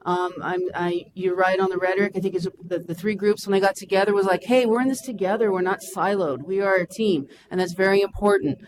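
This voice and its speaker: A woman's voice: mid-range voice, steady tone, a little fast, hardly any pauses, rough recording. A woman in her forties, a school counselor, speaking passionately and emotionally at a public meeting. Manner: impassioned and emotional.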